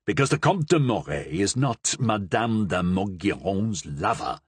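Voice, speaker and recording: A man voicing an arrogant, mocking nobleman who talks in a smug, drawling, low manner. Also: big pitch swings, measured pace, husky, no echo, exaggerated voice.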